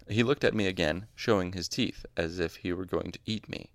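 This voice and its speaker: A man's voice: deep voice, brisk, few pauses, no room sound. A man casually reading a novel aloud, stopping now and then to correct his slips. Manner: informal, stops to correct slips. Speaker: audiobook reader. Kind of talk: casual amateur audiobook narration.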